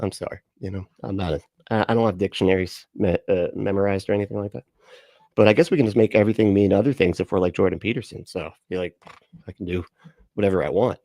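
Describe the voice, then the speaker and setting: A man's voice: low voice, mellow, dry recording, clean studio sound. Joking, profane livestream host, man. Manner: joking, profane, rambling, chatting with viewers. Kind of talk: casual livestream chat.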